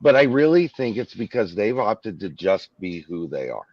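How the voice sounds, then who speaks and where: Low-voiced male live-stream host. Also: sing-song, normal speed, no room sound, highs cut off. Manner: agreeable, wraps up with sign-off. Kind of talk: casual live-stream chat.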